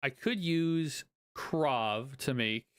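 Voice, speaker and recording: Man, casual gameplay commentary, thinks aloud, counts out loud, smooth clear voice. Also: medium pitch, drawn-out words. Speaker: card game content creator.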